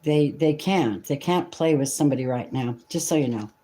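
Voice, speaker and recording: Mellow-voiced chatty tarot reader. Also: medium pitch, animated, normal speed. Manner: chatty and emotional, casual swearing. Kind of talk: live tarot reading stream.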